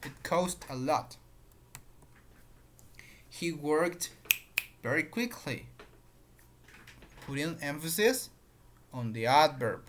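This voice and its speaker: Slow teacher. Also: medium pitch, animated, a little hiss or hum. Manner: repeats patterns, explains with examples. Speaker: English teacher. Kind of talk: grammar lesson.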